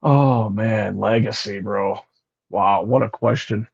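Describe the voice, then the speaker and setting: A laid-back man answers questions over a video call. His voice is gravelly and husky, and it sounds dull and dry. He takes his time and laughs easily. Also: fairly low pitch, slow pace, dry recording. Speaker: guest luchador. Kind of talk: casual video call interview.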